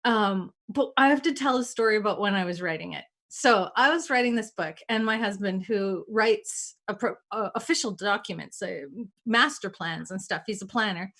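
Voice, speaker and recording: A woman hosting a casual talk, telling stories in an animated way and acting out the dialogue. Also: medium pitch, normal speed. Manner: animated, acts out quoted dialogue. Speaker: host.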